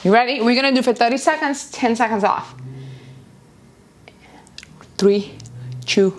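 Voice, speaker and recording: Energetic woman coaching a live workout. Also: a little high, a little slow. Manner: energetic coaching cues, counting down. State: out of breath at times. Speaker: fitness instructor. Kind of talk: live workout class instruction. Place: home, near a busy street.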